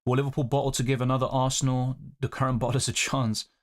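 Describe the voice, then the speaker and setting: A man's voice: medium pitch, little pitch movement, quick pace. Chatty young guy streaming live. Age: 20s. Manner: chatty, reads viewer comments aloud and answers them. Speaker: fantasy football streamer.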